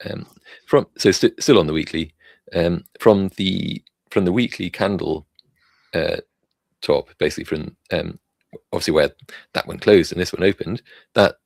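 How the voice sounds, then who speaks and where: A man giving casual, rambling commentary on crypto charts, halting with many fillers as he thinks aloud while clicking around. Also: deep voice, gravelly, no room sound.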